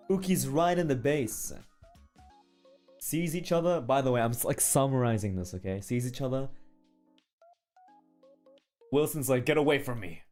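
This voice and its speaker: Slow, mellow-voiced male streamer. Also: mid-range voice. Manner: rambling, checks in with "okay?" and "right?". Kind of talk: casual storytelling to chat.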